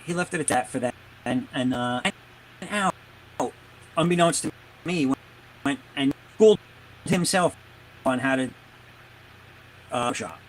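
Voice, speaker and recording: A man who creates comics, a guest on a video call, telling his story in a halting way, searching for words. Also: medium pitch, a little hiss or hum. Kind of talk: casual interview chat.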